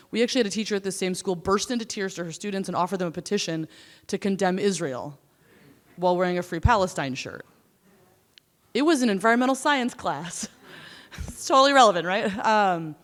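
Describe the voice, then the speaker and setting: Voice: mid-range voice, big-room sound. A panel speaker at a conference who talks about school crisis response in a casual, conversational way, often tagging sentences with "right?". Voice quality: casual, conversational, frequent "right?" tag questions.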